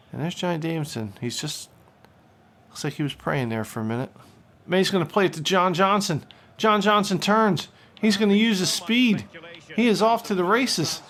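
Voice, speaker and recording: A man hosting a gaming video, calling the on-screen action in an excitable mock sportscaster style with bursts of frustration. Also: sits high. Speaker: gaming channel host. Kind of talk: play-by-play gameplay commentary.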